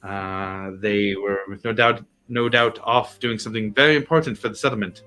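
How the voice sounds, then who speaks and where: A man voicing a formal, weary woman who leads the settlement, speaking in a measured, polite way. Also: on the low side, fairly even intonation, sharp tone.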